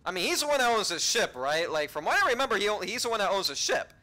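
A man narrating his own gameplay in a loose, rambling way, full of self-talk and half-finished sentences. His pitch leaps around a lot, and his tone is bright and forceful. He breaks into excited, swearing outbursts now and then. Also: quick pace. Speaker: video game let's-play commentator. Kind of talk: casual gameplay commentary.

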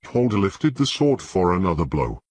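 Husky low-voiced male audiobook narrator. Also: very animated, moderate pace, a little mellow, no echo.

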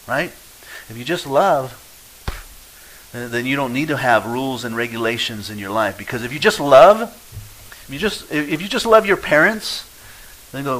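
A male pastor preaching a sermon, lively and acting out quoted voices, swinging between loud and quiet. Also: medium pitch, normal speed, pauses often, slight background noise, rough recording.

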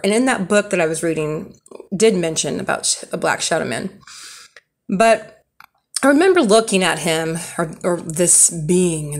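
A young woman rambling through casual true stories on a vlog, with many fillers and restarts. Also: lowish voice. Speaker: storyteller.

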